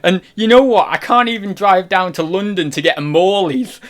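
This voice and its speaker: Whiny, exasperated young guy, pitched up a little, as a streamer puts him on. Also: moderate pace, fairly bright tone. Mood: frustrated. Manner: whining, exaggerated complaint.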